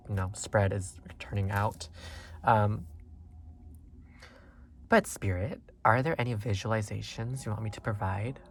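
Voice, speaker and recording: Excitable and rambling, a man leads a relaxed pick-a-card tarot reading. He uses many fillers, and his voice jumps sharply higher at moments.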